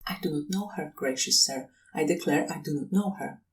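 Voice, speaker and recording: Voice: mid-range voice, brisk, distant mic, slight background noise, lightly acted, rough recording. A reader voicing a nervous, evasive young seminary student who protests and pleads, in an audiobook reading.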